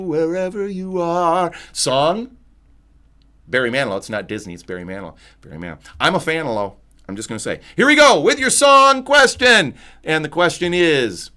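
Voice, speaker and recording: A jokey man hosts a live trivia stream, reading viewer answers aloud and teasing the players. His voice is bright and lively, sitting slightly high and swinging widely in pitch. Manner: playful, jokey, reads chat messages aloud. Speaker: trivia host.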